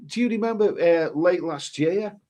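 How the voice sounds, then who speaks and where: A travel vlogger with a sniffly cold chats his way through viewer comments on a live stream. His voice sits a little high for a man, and he rambles, restarting his sentences as he goes. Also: moderate pace, dark tone. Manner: rambling, chatty, many restarts. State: stuffy with a cold. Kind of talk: casual live-stream chat.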